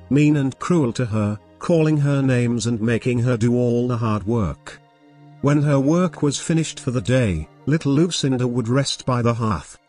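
Reading a fairy tale as a bedtime story, a man narrates from a script in a calm, gentle, steady way at a plain middle pitch. Faint music plays quietly beneath him.

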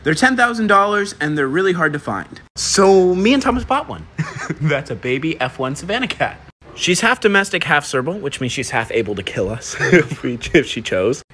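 Giggly young man vlogging, very lively pitch. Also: normal speed, slightly rough. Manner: playful, giggly, swears often. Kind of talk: casual handheld vlog.

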